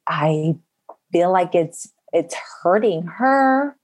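A woman's voice: lowish voice, expressive, extremely slow, a little mellow. A woman talking openly about her daughter's disappointments during a coaching session, thinking aloud and laughing at herself. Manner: open, self-reflective, laughs easily. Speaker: coaching client and mother.

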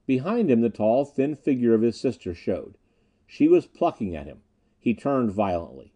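A man reading a first-person space adventure aloud, his voice mellow and relaxed in tone. His pitch moves a lot, lending the story drama. The reading is expressive and steady. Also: normal speed, muffled recording. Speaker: audiobook narrator.

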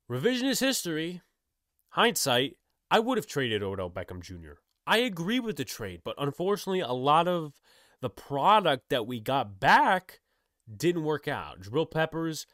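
A man's voice: medium pitch, fairly bright tone, no room sound, clean studio sound. A man giving a casual opinion monologue on football, opinionated and exasperated, asking rhetorical questions. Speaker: sports commentator. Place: indoors, on camera.

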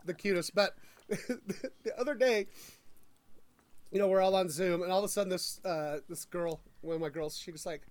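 A high-pitched man who teaches school, joining a casual group chat. He is excitable and jokey, and he often breaks into laughter mid-sentence. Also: moderate pace.

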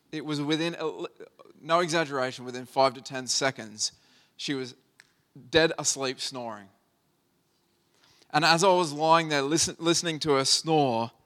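A man in his thirties preaches in a relaxed, storytelling manner, his voice smooth and resonant. He sits at a mid pitch and speaks earnestly, as if chatting with his congregation. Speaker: pastor. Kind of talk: sermon with a personal story.

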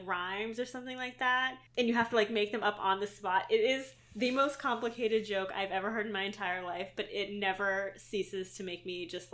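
A young woman co-hosting a book podcast, enthusiastic and quick to agree. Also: mid-range voice, a bit bright. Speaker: podcast co-host. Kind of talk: casual book discussion.

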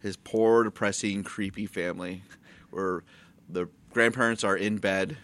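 A man's voice: lowish voice, steady tone, a little slow, fairly bright tone. A man co-hosting a casual movie-review chat, joking crudely and often slipping into silly put-on voices. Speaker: podcast co-host.

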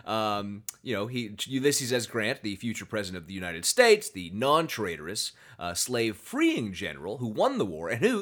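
Animated sarcastic male podcast host. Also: on the low side, normal speed, few pauses. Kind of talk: casual podcast chat.

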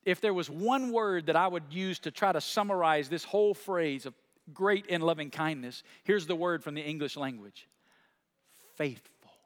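A man preaching a sermon as pastor of his church. He repeats key phrases, calls on the congregation to answer back, and swings from soft, drawn-out words to loud, high declarations.

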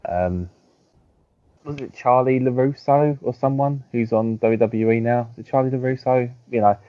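A man chats casually on a podcast, animated and fond of playful mimicry. His voice sits at an average pitch. The recording is slightly dull and lo-fi. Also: moderate pace, no echo. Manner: animated, mimics others, laughs often. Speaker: podcast co-host. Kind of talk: casual chat. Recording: dull lo-fi sound.

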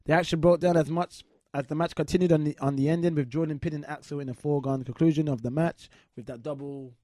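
A man's voice: a little high, steady tone, fast, warm tone, no echo, clean studio sound. A man hosting a wrestling chat show and interviewing a guest, eager and rambling with lots of fillers.

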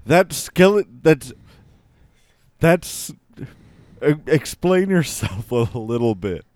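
A young man improvising a comedy sketch, excitable and exclaiming, laughing mid-line. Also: fairly high pitch, takes it slowly, no room sound.

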